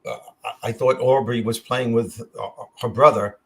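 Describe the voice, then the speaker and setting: A man's voice: mid-range voice, fairly even intonation, normal speed, a bit bright. An older man hosting a podcast, telling personal stories in a heartfelt way and often repeating his words as he goes. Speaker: podcast host. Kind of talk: casual chat, personal storytelling.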